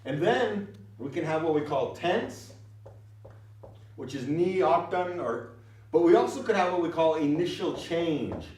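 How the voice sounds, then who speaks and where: His voice a little high and his pace measured, a male language teacher explains patiently and with energy, often confirming that his students understand. He is recorded from far away in an echoing space.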